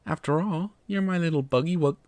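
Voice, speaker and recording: A man voicing a weary young mare who talks in a soft, coaxing baby voice. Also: fairly high pitch, a little fast, dry recording, pitched above the performer's own voice, close to an everyday voice. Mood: pleading sweetly. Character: mare pony narrator, weary, placating, sweet.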